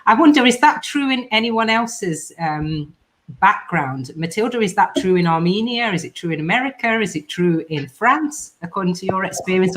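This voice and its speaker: A woman hosting a casual podcast discussion, reading out listener comments and putting questions to her co-hosts. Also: lowish voice. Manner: leads the talk, reads comments and asks others questions. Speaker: podcast host.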